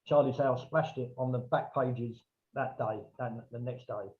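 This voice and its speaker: A man tells a long casual anecdote as a podcast guest, bringing in other people's lines in lively, raised voices. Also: medium pitch, normal speed. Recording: dull, lo-fi remote audio.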